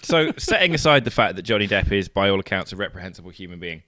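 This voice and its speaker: Male podcast co-host: lively, bright voice, low-ish, chatty and animated. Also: no echo, clean studio sound. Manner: animated, chatty, quick to laugh along. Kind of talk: casual film discussion.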